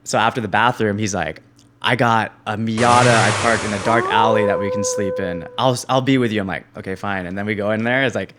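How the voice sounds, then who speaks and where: A young man in his twenties, a podcast guest, telling his story in a casual, animated way, laughing often and acting out other people's lines. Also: fairly low pitch, brisk, heavy background noise. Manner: animated, laughs often, acts out quoted voices.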